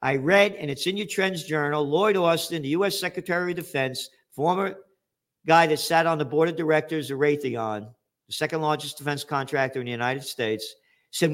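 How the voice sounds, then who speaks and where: A man's voice: a little high, moderate pace, a bit bright. Profane, ranting older man. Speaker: show host. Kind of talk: angry political commentary.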